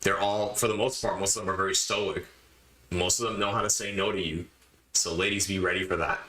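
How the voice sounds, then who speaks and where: A man's voice: low voice, fairly even intonation, a little fast, pushed and bright, roomy sound, poor audio. Emphatic man lecturing on a podcast. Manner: emphatic, lectures the listener directly, repeats points. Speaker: podcast host. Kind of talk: opinionated podcast monologue.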